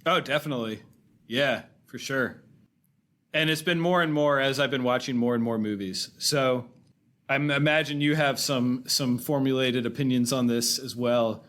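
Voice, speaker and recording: A man's voice: mid-range voice, normal speed, a bit bright. Chatty male podcast co-host. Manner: rambling, self-correcting, enthusiastic about film scores. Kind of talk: casual chat.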